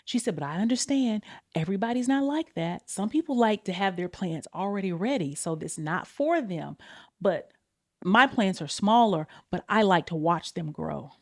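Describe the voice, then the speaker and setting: Speaking at a normal speed in an expressive voice whose pitch and pace shift a lot, a podcast host chats casually and confessionally with her audience. She's candid, curses freely, and addresses her listeners as y'all.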